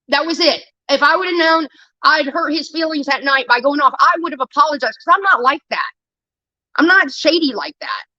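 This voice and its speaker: A woman's voice: sits high, normal speed, sharp tone, dry recording, highs cut off. A woman livestreamer giving a heated, profane, defensive rant straight to her viewers. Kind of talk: angry ranting monologue.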